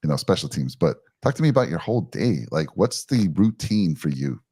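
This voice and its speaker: A man's voice: low-pitched, very animated, a little fast, mellow, slightly rough, no echo, studio quality. A man hosting a fan sports podcast, easygoing and steering the conversation with questions. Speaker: podcast host. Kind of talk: casual sports chat.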